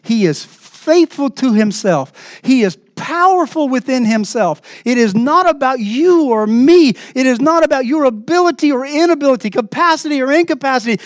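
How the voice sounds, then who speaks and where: A man preaching a sermon as pastor in a church, earnest and emphatic, moving between raised passages and hushed asides. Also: extremely high pitch, no room sound.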